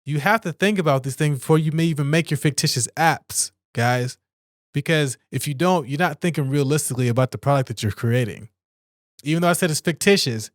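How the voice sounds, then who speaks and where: A man's voice: no echo, studio quality. A man hosting a solo podcast, reading out points and ranting about them in a casual, swearing way. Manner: casual, ranty, swears, bursts of high-pitched exasperation; reads aloud and comments with asides. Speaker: podcast host.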